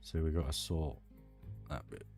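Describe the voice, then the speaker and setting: A man's voice: rumbling low, normal speed, vocal fry, a little mellow, faint music behind. A British man live-streaming a building game, chatting enthusiastically and rambling with restarts. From United Kingdom. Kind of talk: casual live-stream chat while building.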